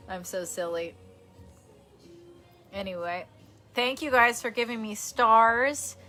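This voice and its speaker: A woman from New York with a bright, forward tone chats loosely on a livestream from her bedroom. She rambles from one thought to the next, answers comments as she goes and laughs often. Soft music sits faintly underneath. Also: a little high, slow, pauses often. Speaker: streamer. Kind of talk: casual livestream chat reading comments.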